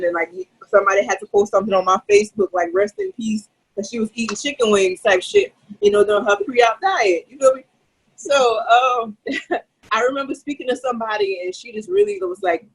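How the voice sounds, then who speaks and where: Animated husky woman telling her story. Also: on the high side, fairly quick, poor audio. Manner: swears freely, many "like" fillers. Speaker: podcast co-host. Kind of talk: candid storytelling chat.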